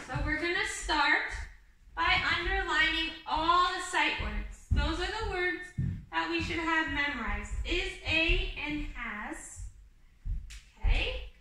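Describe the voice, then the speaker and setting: A woman teaching an online kindergarten class, slow and patient, talking to young children and singing simple teaching songs. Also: very high voice, lively intonation, very echoey, recorded from a distance, background noise.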